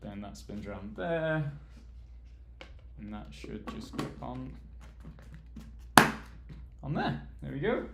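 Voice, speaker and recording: A man's voice: medium pitch, very animated, takes it slowly, gravelly, long pauses, heavy background noise. A British man from the UK chatting casually with viewers on a live stream, rambling and laughing easily while he assembles furniture and moves around. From United Kingdom.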